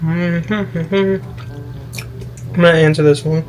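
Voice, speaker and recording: A young man chatting casually as a vlogger, reading out comments in a sassy, animated way and jumping up into high squeals. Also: slow, faint music behind, rough recording.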